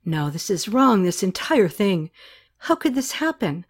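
A woman's voice: mid-range voice, very animated, measured pace. A woman playing an earnest young woman doctor. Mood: distressed. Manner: urgent, pleading questions.

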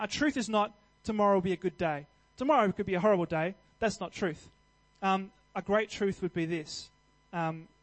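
Male preacher, high voice, earnest and conversational, emphatic at peaks. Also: rough recording. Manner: earnest, conversational, with restarts and fillers; builds to louder emphatic passages. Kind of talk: sermon.

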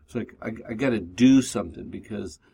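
A man's voice: fairly low pitch, brisk, gravelly, warm tone, husky. A man hosting a faith-based recovery radio talk show, reflective and talking through his inner thoughts aloud.

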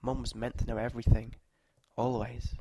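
A man narrating short stories aloud at a measured, steady pace. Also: medium pitch, breathy edge, no room sound.

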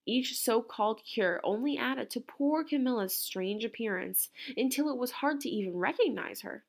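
A woman teacher reads a picture book aloud to her class in an expressive storytelling voice. Her voice sits in a middle range with a gravelly, creaky texture. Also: fairly high pitch, moderate pace.

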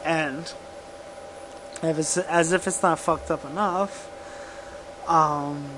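A man co-hosting a podcast, telling a true crime case in casual profane chat, halting and laughing often. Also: a little high, steady tone, background noise. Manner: slow, halting, laughs often, drinking whiskey.

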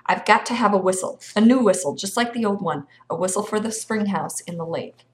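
Cold demanding villain, read by a woman, low cold voice, read aloud from a storybook, natural pitch. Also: brisk, lightly acted.

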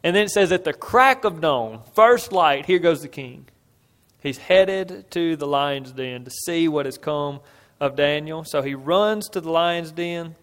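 A man's voice: on the high side, measured pace, fairly bright tone. A man preaching an expository sermon, telling a scripture story with earnest, building emphasis and asking his listeners "right?" as he goes. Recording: long reverb of a large hall.

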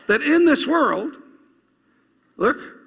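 High gravelly preacher in a reverberant hall. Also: male voice, very animated, extremely slow, fairly bright tone. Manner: preaching, urging congregation to repeat after him. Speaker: pastor. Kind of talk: sermon. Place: church. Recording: long reverb of a church hall.

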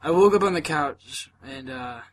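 A young man hosting a podcast, speaking earnestly and haltingly, full of fillers, holding back tears. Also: a little high, lively intonation, a little hiss or hum. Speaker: podcast host. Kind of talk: casual chat.

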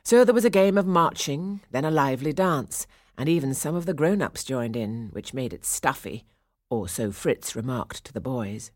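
A woman narrating a classic storybook with a low, deep voice. Her telling is expressive and measured, with a lively, rising and falling melody. The sound is dry and close to the mic. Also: no echo.

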